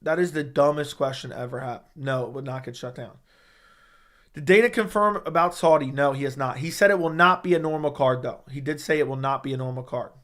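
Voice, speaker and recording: A man's voice: mid-range voice, fairly quick, fairly bright tone. A man hosting a casual sports livestream from home, bluntly answering viewer questions into a studio mic. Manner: blunt, profane, dismissive of dumb questions. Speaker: MMA livestream host. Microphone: studio dynamic microphone.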